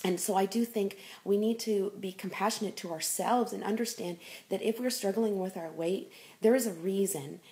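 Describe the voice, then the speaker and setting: A woman's voice: medium pitch, normal speed, warm tone. A woman life coach giving an encouraging motivational talk, her speech full of ums and you-knows.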